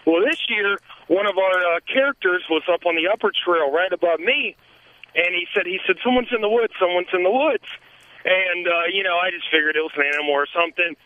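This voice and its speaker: A man's voice: high voice, fairly quick. A man calling in to a radio show from a haunted trail in the woods, rambling and laughing, with many fillers. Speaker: haunted attraction worker calling in. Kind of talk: casual phone call to a radio show. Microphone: phone. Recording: tinny phone line.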